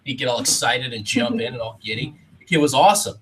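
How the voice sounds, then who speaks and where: A man telling funny stories on a casual podcast, acting out the other people in high squeaky voices. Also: fast, a bit bright, low-quality recording. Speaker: podcast co-host. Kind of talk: casual storytelling chat.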